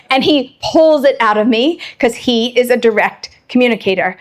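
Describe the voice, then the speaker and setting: High-voiced animated woman lecturing. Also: normal speed. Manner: animated, acts out quoted dialogue. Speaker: Torah lecturer. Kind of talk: lively lecture to an audience.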